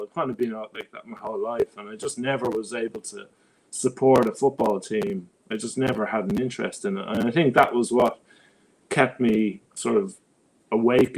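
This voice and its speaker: A man's voice: on the low side, vocal fry, low-quality recording. A man, a podcast guest, talking in a rambling, reflective way with many restarts. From Ireland. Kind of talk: casual podcast conversation.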